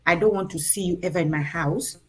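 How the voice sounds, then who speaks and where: Animated Kenyan woman telling a story. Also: lowish voice, quick pace, husky. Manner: animated, acts out quotes in her story. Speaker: guest sharing a parenting story. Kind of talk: storytelling in a conversation.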